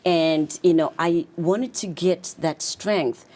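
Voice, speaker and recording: Interview guest: Zimbabwean-accented woman, low pitch, brisk and animated coach. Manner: animated, fast with many fillers. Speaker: guest, confidence coach and author. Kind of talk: casual interview talk.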